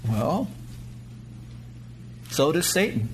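A man preaching a sermon as pastor to his congregation, emphatic, rising to loud peaks and dropping low. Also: big pitch swings, drawn-out words, a little hiss or hum.

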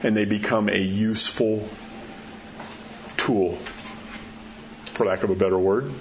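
A man preaching a sermon in a folksy, storytelling way, dropping to a soft hush at key words. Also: lowish voice, steady tone, unhurried, highs cut off, a little hiss or hum. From New Mexico.

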